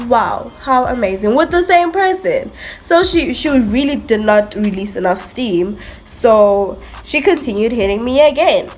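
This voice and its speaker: A young woman talks straight to camera in a loose storytime vlog. She is chatty and self-mocking and leans on "like" and "literally", and soft music plays faintly behind her. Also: a little high. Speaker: vlogger. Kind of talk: casual storytime monologue.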